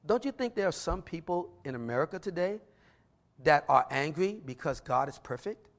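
Male preacher, middle-aged, high-pitched voice, slow scripture reading mixed with animated storytelling. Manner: reads scripture slowly, then tells stories in a lively way. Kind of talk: sermon.

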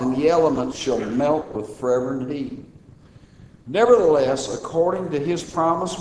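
A man preaching a sermon as church minister, folksy, with emphatic raised lines between low asides. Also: roomy sound, a little hiss or hum, poor audio.

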